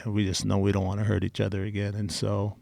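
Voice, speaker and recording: A man's voice: fairly low pitch, monotone, fast, vocal fry, darkish tone, no echo. A middle-aged man telling personal stories in a casual interview, candid and blunt. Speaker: interview guest.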